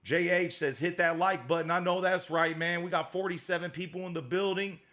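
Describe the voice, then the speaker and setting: A man's voice: sits high, fairly even intonation, fairly quick, sharp tone. A man hosting a casual livestream as a dog breeder, reading out viewer comments in a slangy, repetitive way.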